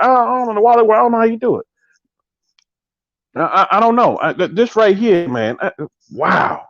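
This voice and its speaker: A man in his thirties hosting a live podcast, riffing with animated, joking commentary and drawn-out exclamations. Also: high-pitched, no room sound, highs cut off. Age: 30s. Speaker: podcast host.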